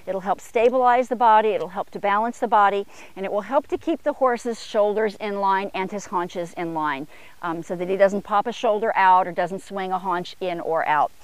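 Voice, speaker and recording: A woman trainer talks through longeing a horse in a riding arena, mid-pitched and steady. She breaks off into short commands to the horse, lifting her tone when she asks for more speed. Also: moderate pace, clear, resonant tone, dry recording. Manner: calls short commands to the horse, rising for upward gaits. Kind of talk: instructional demo while longeing a horse. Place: outdoor arena corner.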